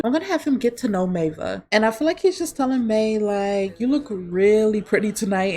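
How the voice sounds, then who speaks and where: A woman's voice: medium pitch, darkish tone. Chatty woman narrating her gameplay. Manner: chatty, talks to viewers, narrates game. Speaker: let's play host. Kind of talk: casual gameplay commentary.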